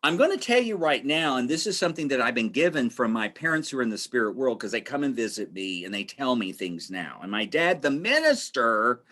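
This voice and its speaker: A man's voice: mid-range voice, very animated, a little fast, hardly any pauses, bright, forceful tone. A man presenting a webinar in a conversational, storytelling way, repeating phrases for emphasis and acting out the voices of people he quotes.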